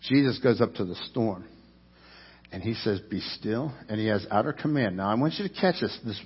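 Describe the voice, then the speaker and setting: A man preaching a sermon as pastor, swinging from loud, raised passages to hushed ones and acting out quoted lines. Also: on the low side, lively intonation, fairly quick, breathy edge. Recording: echoey hall, dull lo-fi sound.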